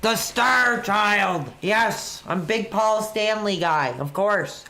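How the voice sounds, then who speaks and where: Man, casual streamer, bright forceful voice, relaxed reactions, webcam mic, home. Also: high voice, takes it slowly. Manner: laid-back, chatty, reacting to the action. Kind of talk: casual live watch-along commentary.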